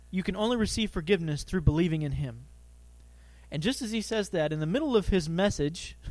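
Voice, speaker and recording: Male pastor, slightly high voice, dry close mic; animated sermon delivery with questions to the congregation. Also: no room sound. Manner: animated, asks the audience questions, acts out quoted voices.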